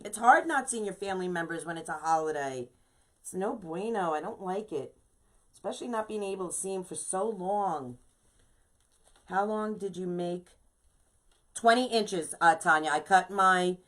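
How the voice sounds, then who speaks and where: New woman, lowish voice, chatty live craft teacher who greets viewers as she goes. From New York. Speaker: wreath designer teaching a live class. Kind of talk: casual live-stream craft tutorial.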